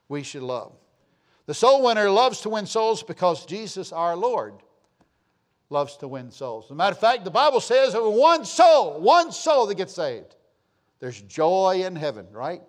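An older man preaching a sermon as pastor, emphatic and calling for amens, his voice dropping from loud bursts to hushed lines. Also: fairly high pitch.

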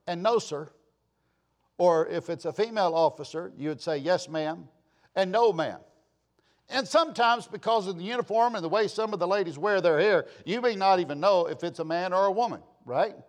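A male pastor giving a stern, emphatic sermon, repeating his warnings to the congregation again and again. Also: high-pitched. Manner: stern, repetitive, emphatic admonishing.

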